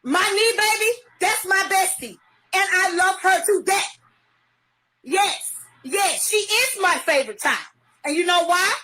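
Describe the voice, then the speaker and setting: A middle-aged woman in a heated, profane live-stream rant, often shouting. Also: very high voice, a little slow. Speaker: livestreamer.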